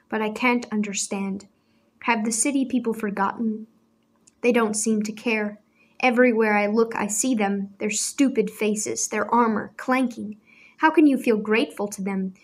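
A woman's voice: mid-range voice, lightly acted. A woman voicing a hot-tempered teenage boy who speaks rudely and with passion. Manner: rude, passionate, defiant.

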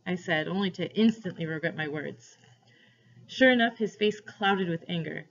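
A woman teacher reading a novel aloud to students, with steady, expressive narration, in a dull lo-fi recording. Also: lowish voice, moderate pace.

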